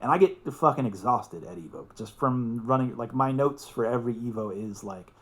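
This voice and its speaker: A young man with a mid-pitched voice tells a story as a podcast guest. He talks casually, swears freely and laughs as he goes, turning excitable as the story builds. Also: fairly quick.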